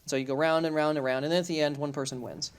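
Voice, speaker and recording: A man with a somewhat higher voice explains his family's customs in relaxed conversation. He talks in a hesitant way, filling pauses with ums and starting phrases over. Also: smooth. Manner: hesitant, many ums and restarts.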